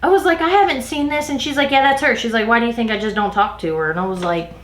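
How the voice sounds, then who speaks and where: A woman's voice: fairly high pitch, fast, a little hiss or hum. A woman vlogger chats through a workplace storytime while doing her makeup. She retells the story with lots of "like" and acts out what her coworkers said. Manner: animated retelling, acting out quoted coworkers, heavy use of "like". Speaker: beauty vlogger. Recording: roomy echo.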